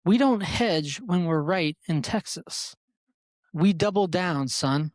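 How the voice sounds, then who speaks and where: A man voicing a stern, unsmiling Texan trader who speaks slowly and with emphasis. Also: fairly high pitch, animated, no room sound.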